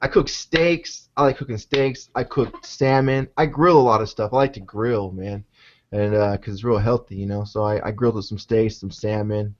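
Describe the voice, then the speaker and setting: A man's voice: lowish voice, steady tone, normal speed, muffled recording. A man hosting a casual live-show chat, laid-back and profane, calling everyone "man". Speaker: show host.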